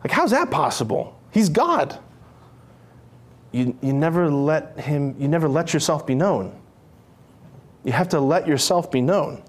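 A man with a high, bright-sounding voice preaching to a group. He talks in a playful, animated way, joking and acting out characters as he tells his stories. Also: a little slow, long pauses. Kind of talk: lively sermon with acted-out stories.

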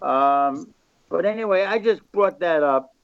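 Older man, gravelly voice, slightly high pitch, rambling anecdotes, guest on a podcast, dry muffled sound. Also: lively intonation, measured pace, no echo. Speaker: record label founder, podcast guest. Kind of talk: casual storytelling interview.

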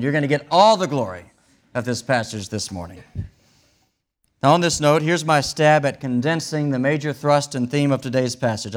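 A man preaching a sermon, explaining a scripture passage in a wry, conversational way with vivid retellings. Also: mid-range voice. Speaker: pastor.

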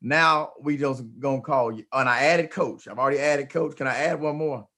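A man's voice: medium pitch, moderate pace, pushed and bright. A man hosting a motivational interview, talking emphatically and often repeating words as he starts a thought. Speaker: host.

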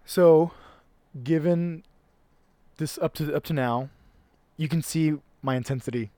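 A man with a slightly raised pitch talks emphatically in casual conversation, stumbling over restarts and dropping a curse here and there. His voice sits close and dry, with no room around it. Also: measured pace, mellow, no room sound. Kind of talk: casual chat.

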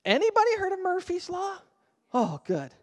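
A man's voice: very high-pitched, wildly swooping pitch, moderate pace, big-room sound. A man preaching a sermon as pastor, talking conversationally and asking the congregation questions. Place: church sanctuary.

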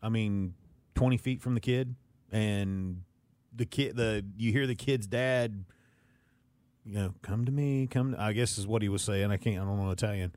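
Lively storytelling radio co-host. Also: male voice, on the low side, normal speed, no echo. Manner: animated storyteller, laughs mid-story. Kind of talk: casual studio chat. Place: radio studio.

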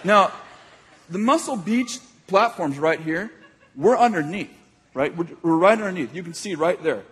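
Pastor type, high husky voice, lively laughing storyteller, echoey hall. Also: male voice, normal speed. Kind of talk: storytelling sermon. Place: large hall with an audience.

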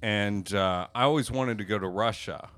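A man's voice: on the low side, normal speed, a bit bright, faint music behind. A man telling a long story in casual podcast chat, rambling with many fillers and casual swearing. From United States. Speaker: podcast co-host.

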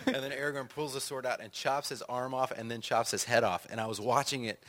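A man's voice: mid-range voice, quick pace. A middle-aged man, an author and songwriter, telling stories in conversation and acting out quotes with laughter. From United States. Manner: animated, acts out quotes, laughs often. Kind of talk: conversational storytelling.

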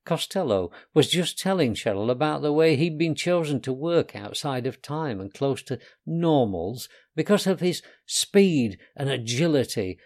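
A man reading his own children's novel aloud in a gentle storytelling manner. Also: medium pitch.

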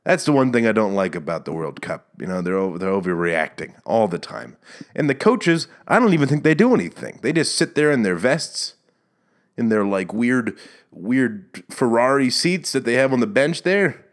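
A man's voice: medium pitch, big pitch swings, moderate pace. A man hosting a solo podcast, rambling and self-mocking in a jokey tone. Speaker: podcast host.

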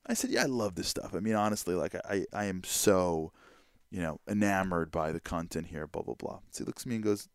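Male podcast host, lower voice, very animated storytelling, dry close mic. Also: vocal fry, no room sound. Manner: lively, quick anecdotal delivery with many fillers. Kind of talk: storytelling monologue.

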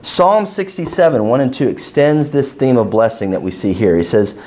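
A man leading an interactive Bible study, asking his class questions and stressing key words with animated emphasis. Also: medium pitch, normal speed.

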